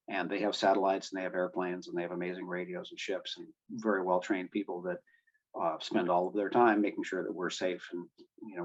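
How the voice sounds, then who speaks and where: A man's voice: sits low, dull audio. A man explaining radio communications to a boating club, with many fillers and restarts. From United States. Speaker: guest speaker on marine radio.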